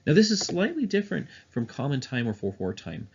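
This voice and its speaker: A man's voice: medium pitch, big pitch swings, a little fast, gravelly, darkish tone, breathy edge, lo-fi sound. A man teaching music theory in a recorded online lesson, explaining step by step with frequent "uh" and "um" fillers.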